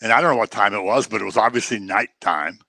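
A man preaching a sermon in an animated way, acting out the voices he quotes. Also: fairly low pitch, quick pace, no room sound.

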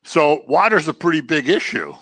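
A man's voice: fairly high pitch, moderate pace, dry recording. A man teaching a casual Bible class, acting out quotes in voices and joking with his listeners. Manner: animated, acts out quotes in voices, jokes with the class.

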